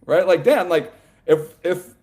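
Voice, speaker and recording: Animated fast-rambling man, fairly high voice. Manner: animated, rambling, heavy on "like" and "you know"; laughs often mid-sentence. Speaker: podcast co-host. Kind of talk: casual sports chat.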